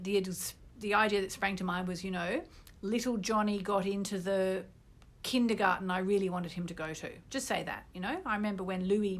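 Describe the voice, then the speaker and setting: A middle-aged British woman who teaches astrology, guiding an online group through a manifestation exercise in a gently instructive way. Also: mid-range voice. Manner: gently instructive, with bursts of loud ecstatic gratitude.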